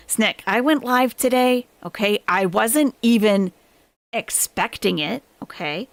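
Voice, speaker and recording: A woman's voice: a little high, expressive, takes it slowly. A woman hosting a casual livestream, animatedly telling a friend a gossipy story. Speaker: livestream host.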